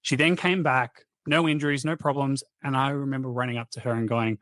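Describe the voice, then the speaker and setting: A man in his thirties hosting a podcast, telling casual, animated, slangy stories. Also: mid-range voice, a little fast, no room sound. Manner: chatty, animated, slangy anecdotes. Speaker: podcast host.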